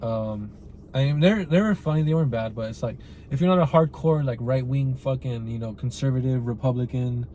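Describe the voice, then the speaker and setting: A man's voice: mid-range voice, brisk, dark tone, a little hiss or hum. A man hosting a podcast, giving a casual, rambling film review full of swearing and "like" and "right?". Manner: rambling and profane, heavy use of "like" and "right?".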